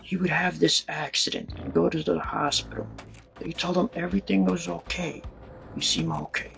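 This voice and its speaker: A man's voice: on the high side, steady tone, moderate pace, creaky, fairly bright tone, soft background music. A man narrating a true-crime story in a casual, dramatic, colloquial way, acting out voices and sound effects.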